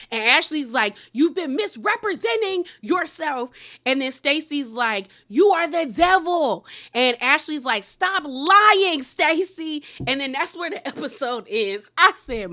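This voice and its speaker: Chatty woman doing a tv recap, sassy, bright voice, retells every bit of drama. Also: fairly high pitch. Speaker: reality TV recap vlogger. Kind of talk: casual recap commentary.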